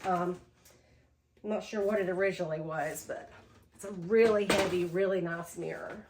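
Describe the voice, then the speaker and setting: A woman vlogging a casual thrift haul, chatty and tired, low on energy after being sick, with lots of "um"s. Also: steady tone, moderate pace, a little mellow, a little hiss or hum. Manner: chatty, says "y'all", many "um"s.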